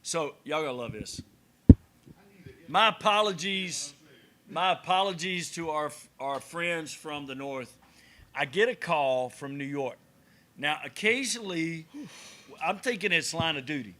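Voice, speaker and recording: Animated bright-voiced man telling stories. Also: fairly high pitch, measured pace, long pauses. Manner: animated storyteller who acts out conversations. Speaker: podcast co-host. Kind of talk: casual banter and storytelling. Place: cigar lounge.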